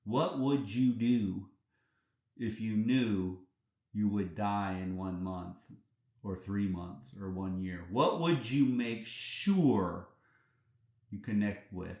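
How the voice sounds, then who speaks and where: A man's voice: lowish voice, slow pace, a little mellow. A man hosting a reflective solo podcast, talking earnestly and conversationally, often restarting phrases and asking the listener rhetorical questions. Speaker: podcast host. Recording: roomy echo.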